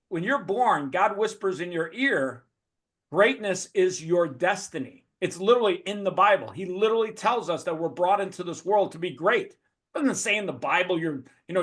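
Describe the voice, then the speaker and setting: A man's voice: high voice, a bit bright. A man giving a blunt, profane motivational talk as a guest speaker over a video call.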